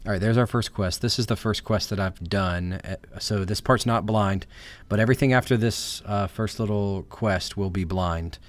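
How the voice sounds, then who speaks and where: A man with a Southern US accent giving casual commentary over a game in a relaxed, thinking-aloud way. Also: fairly low pitch, normal speed, few pauses. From American South. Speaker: let's play host.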